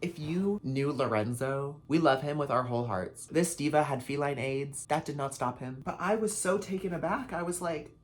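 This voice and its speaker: A young man in his twenties telling storytime vlog stories in a dramatic, sweary way, swinging from flat deadpan to loud outbursts. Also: on the high side, moderate pace, hardly any pauses, slight background noise. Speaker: vlogger.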